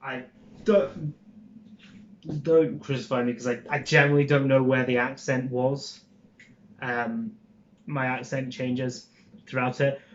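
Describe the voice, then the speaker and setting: A man's voice: mid-range voice, fairly even intonation, a little slow, long pauses, muffled recording, a little hiss or hum. A young Scottish man with a Scottish accent, chatting casually to camera in a rambling, informal way, with lots of ums and swearing. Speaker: vlogger.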